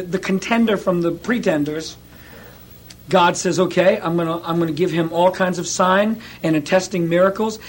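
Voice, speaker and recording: A male pastor preaching a sermon, telling stories in an animated way and acting out quotes with laughs. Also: high-pitched, slight background noise.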